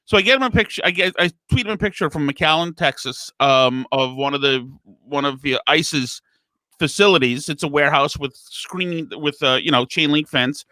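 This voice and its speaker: A male talk radio co-host spins sarcastic stories to his partner. His voice sits a little high for a man and has a bright, sharp edge, and the close studio mic keeps it completely dry. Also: normal speed, no room sound. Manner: sarcastic storytelling.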